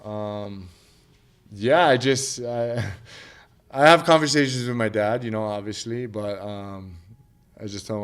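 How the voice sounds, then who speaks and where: Man in his thirties, fighter, casual interview, swears a lot, rambling, acts out what people said, mid-pitched voice. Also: normal speed, clear, resonant tone. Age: 30s. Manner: profane, rambling, acts out quotes of others. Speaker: mixed martial arts fighter.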